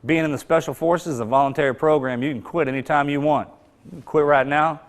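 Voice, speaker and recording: A man delivers a motivational talk at a brisk, driving clip. His phrasing is emphatic and street-casual, and he hammers his points home. His voice rises in force when he acts out a drill instructor's shouting. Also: fairly high pitch, fairly even intonation. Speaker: motivational speaker. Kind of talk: storytelling speech.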